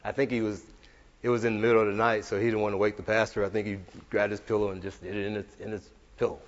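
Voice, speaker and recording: A male preacher delivering a sermon. He swings between emphatic, shouted declarations and relaxed, chatty storytelling. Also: on the low side, fast talker, a little hiss or hum. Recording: reverberant hall, dull lo-fi sound.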